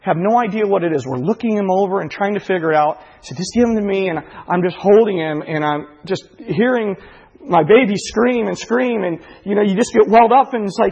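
A man's voice: high-pitched, brisk, gravelly, a little mellow, breathy edge. A man preaching a sermon and telling a personal story earnestly, his voice swelling with emotion. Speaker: pastor. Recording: dull recording in a reverberant hall.

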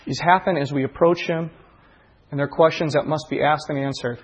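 Raspy high-voiced pastor in a reverberant hall. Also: male voice, fairly even intonation, a little fast. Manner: earnest storytelling that swells with emotion. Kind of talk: sermon. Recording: dull recording in a reverberant hall.

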